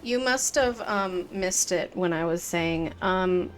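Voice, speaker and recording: A woman's voice: lowish voice, takes it slowly, hardly any pauses. A woman streamer chatting playfully with her viewers while gaming, often giggling. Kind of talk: casual live-stream chat while gaming. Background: game music.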